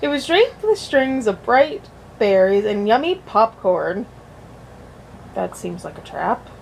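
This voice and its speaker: A woman's voice: medium pitch, sing-song, slow, creaky, a little mellow, slight background noise. Chatty woman reading a storybook aloud. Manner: chatty, joking asides. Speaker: vlogger. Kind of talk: storybook reading with casual asides.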